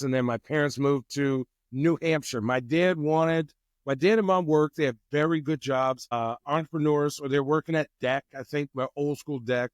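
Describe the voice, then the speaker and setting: Man, casual interview guest, somewhat high voice, dry close sound, animated storytelling. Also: smooth, no echo. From United States. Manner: animated storyteller who acts out quotes. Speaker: guest, wine company president.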